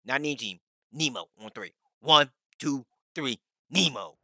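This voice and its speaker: A gravelly, mid-range voice with lively intonation comes through unhurried and free of room sound. The gaming YouTuber narrates his car soccer match in a playful Rocket League style, bossing his teammates as a mock owner with trash talk, hype and yelling.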